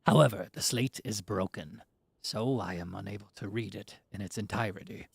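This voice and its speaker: A man doing a pompous fish-folk historian from a fantasy game, his words rolling out grand and pirate-like with a gravelly edge. The sound is close and dry, with no room around it. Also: lowish voice, moderate pace, no echo, voice pushed down. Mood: grandiose.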